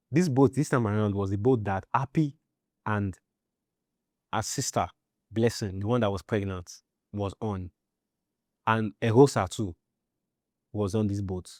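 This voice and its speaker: A Nigerian man telling his own story in a halting way, often repeating himself and checking "you understand?". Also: on the low side, mellow, no room sound, studio quality. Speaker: interviewee. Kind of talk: personal storytelling.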